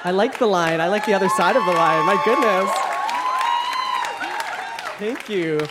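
A young man doing a stand-up comedy set, animated and campy, with playful asides to the crowd. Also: sits high, a little slow, very noisy. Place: live comedy club stage. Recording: live club recording with crowd. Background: audience laughter.

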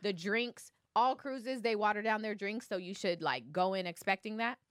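Animated woman telling a story. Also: mid-range voice, moderate pace, dry recording, clean studio sound. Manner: animated storytelling, acts out quotes, repeats "okay?". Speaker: podcast co-host. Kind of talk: casual chat, storytelling.

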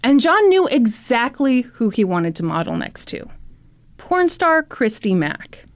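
Female podcast host; sarcastic comic storyteller, higher voice. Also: sing-song, measured pace. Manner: wry, sarcastic narration. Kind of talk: comedic storytelling.

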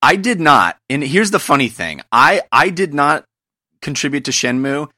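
A man's voice: a little high, big pitch swings, normal speed, bright, forceful tone, no echo, studio quality. A man hosting a gaming podcast, talking in an earnest, reflective way as he works through his thoughts in casual chat. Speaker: podcast host.

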